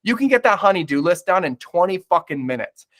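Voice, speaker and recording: A man's voice: high voice, very animated, fairly quick, a bit bright. A man talking candidly as a podcast guest, blunt and emphatic, swearing often and calling the listener "bro".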